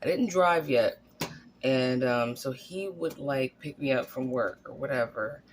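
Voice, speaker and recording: A woman's voice: extremely low pitch, unhurried, a little hiss or hum. A woman in her forties, telling a personal story on a vlog in a candid, blunt, sometimes profane way, acting out what people said. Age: 40s. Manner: candid, blunt, profane, animated, acts out quotes. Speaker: vlogger.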